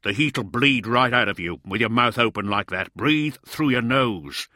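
A man's voice: on the low side, normal speed, bright, forceful tone, no room sound, clean studio sound. A man voicing a hardened male ice mariner who barks orders and talks sternly.

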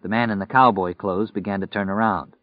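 A man reading a novel aloud in steady, measured scripted narration. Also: fairly low pitch, dry recording. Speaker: audiobook narrator. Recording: dry, muffled recording.

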